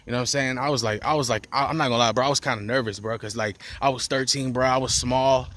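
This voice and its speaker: A man's voice: mid-range voice, steady tone, fast talker, a bit bright. Rambling slangy man telling a street story. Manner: rambling, profane slang with frequent restarts and "bro". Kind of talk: casual storytime monologue.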